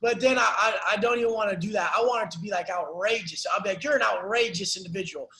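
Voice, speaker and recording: Brief: very high-voiced male life coach, profane intense rants, echoey room. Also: fast, bright, forceful tone. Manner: intense, profane, preachy motivational ranting. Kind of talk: coaching call rant.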